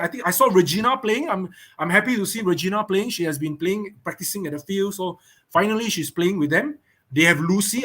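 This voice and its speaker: A man's voice: sits high, fairly bright tone. A man with a Singaporean English accent hosting a casual podcast preview, chatty, repeating words and checking in with listeners. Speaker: host.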